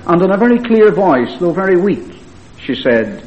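A man's voice: sits high, sing-song, normal speed, highs cut off. Earnest male preacher on an old recording. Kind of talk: sermon storytelling.

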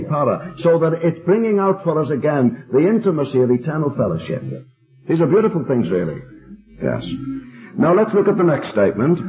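A man leading a Bible study meeting, teaching in a measured, emphatic way and slowing down on quoted verses. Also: a little high, big pitch swings. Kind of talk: teaching and leading group discussion. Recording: dull, tinny old tape recording.

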